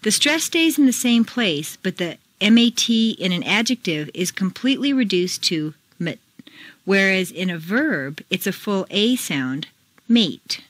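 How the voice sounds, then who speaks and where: A woman reading scripted pronunciation drills as a teacher, slow and deliberate, contrasting word stress. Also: mid-range voice, very animated, no echo.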